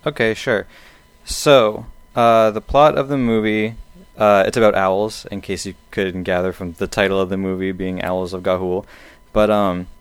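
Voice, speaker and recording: Low-voiced man, relaxed podcast guest. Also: normal speed, smooth, no echo. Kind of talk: casual podcast chat.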